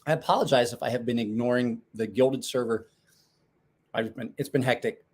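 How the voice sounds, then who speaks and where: A man's voice: mid-range voice, fairly even intonation, normal speed. Rambling casual male livestreamer. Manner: rambling, self-correcting, chatty. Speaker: livestream host.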